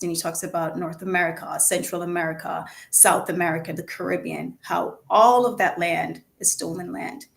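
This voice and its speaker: A woman's voice: lowish voice, vocal fry. A woman from Jamaica with a Jamaican accent, co-hosting a live online talk and speaking in an earnest, reflective way with many fillers. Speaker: live show co-host sharing a song.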